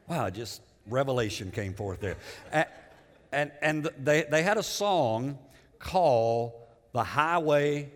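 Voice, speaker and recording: A man's voice: mid-range voice, expressive, takes it slowly. A middle-aged man preaching a sermon in a conversational way, repeating words and putting questions to the congregation. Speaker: pastor. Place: church sanctuary. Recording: long church reverb.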